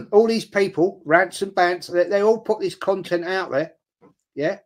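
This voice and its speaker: A man's voice: high voice, measured pace. A middle-aged man talking bluntly on a livestream, reading out viewer comments between his opinions. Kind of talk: casual livestream chat.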